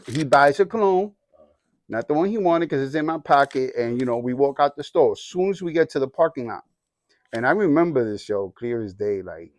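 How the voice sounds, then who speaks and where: A man's voice: medium pitch, lively intonation, fairly quick. A man in his forties sharing his testimony in casual storytelling, using slang and acting out the other voices in his story. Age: 40s. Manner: streetwise slang.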